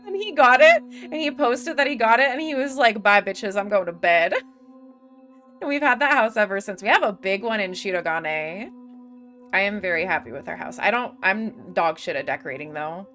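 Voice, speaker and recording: A woman's voice: medium pitch, a bit bright. Young woman streamer just chatting w chat while she games, swears a lot, lots of likes and laughs, faint music behind. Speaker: game streamer. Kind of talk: casual live-stream chat. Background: faint game music.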